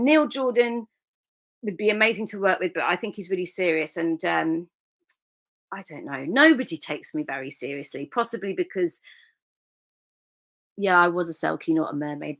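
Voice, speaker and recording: This is a middle-aged woman, an actress running a live Q&A, casually reading fans' comments and laughing often as she talks candidly. Her pitch sits in the medium range and her tone is fairly bright.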